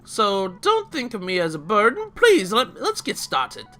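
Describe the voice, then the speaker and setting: A man's voice: high-pitched, huge pitch swings, measured pace, sharp tone, faint music behind, heavily acted. A man voicing an odd little bird-human woman with a put-on accent, polite and eager to help. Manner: fussy, prim exclamations.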